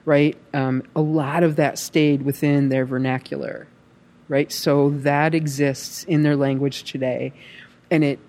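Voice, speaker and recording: A woman talks in relaxed casual chat about her acting work. She is animated and rambling, with a lot of fillers and restarts. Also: low voice, a little slow. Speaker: actress.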